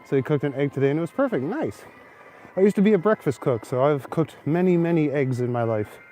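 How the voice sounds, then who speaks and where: Holding a phone camera as he walks snowy city streets at night, a young Canadian host runs a casual live stream, chatting and answering viewer comments. His voice is a little high, expressive, mellow, and fairly quick, with slight background noise.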